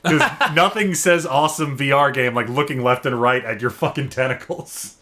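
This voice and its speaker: Joking, laughing young man with a bright voice. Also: mid-range voice, normal speed. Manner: joking, laughs often, stammers, swears. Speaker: podcast co-host. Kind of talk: casual gaming chat.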